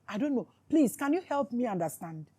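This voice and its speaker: A woman's voice: a little high, very animated, fairly quick, mellow, breathy edge. A woman speaks to her viewers as a spiritual commentator, in a fervent, sarcastic monologue full of repeated questions. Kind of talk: impassioned monologue to camera.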